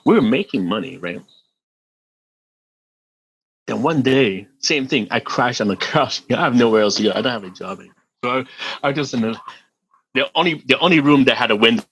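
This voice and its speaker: Husky middle-aged man telling a story. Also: medium pitch, a little fast, long pauses, poor audio. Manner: animated, laughing, swears freely, repeats words. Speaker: podcast guest. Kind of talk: casual storytelling.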